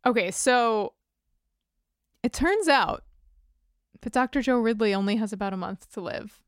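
A woman's voice: a little high, a little slow, smooth, no room sound, clean studio sound. A woman co-hosting a podcast, recapping a TV episode in chatty casual talk with jokey asides and giggles. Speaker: podcast co-host.

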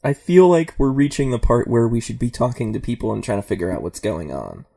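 A man's voice: mid-range voice, lively intonation, fairly quick, vocal fry, dark tone. A man playing a tabletop role-playing game, musing aloud in casual chat with many fillers.

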